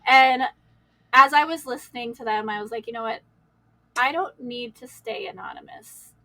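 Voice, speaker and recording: Woman, podcast guest, bright voice, candid, rambling, personal storytelling. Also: fairly high pitch, normal speed, dry recording, rough recording. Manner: candid, rambling, lots of "like" and laughter.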